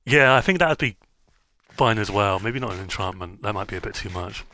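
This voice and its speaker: A man's voice: fairly low pitch, lively intonation, brisk, bright, forceful tone, no echo, clean studio sound. A man streaming a game, chatting casually in a rambling way, with many fillers and self-interruptions. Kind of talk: casual gameplay chat.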